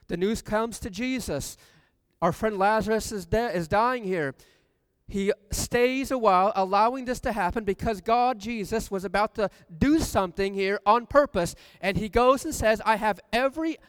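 A man preaching a sermon, reading scripture aloud and asking the congregation questions, rising to loud emphasis. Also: high-pitched, smooth. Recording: long reverb from a hall.

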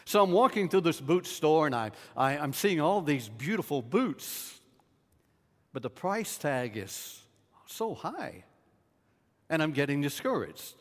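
Slow, storytelling preacher in a reverberant hall. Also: male voice, fairly high pitch, sing-song. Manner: dramatic storyteller, dropping to a hush in tender moments. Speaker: pastor. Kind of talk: storytelling sermon.

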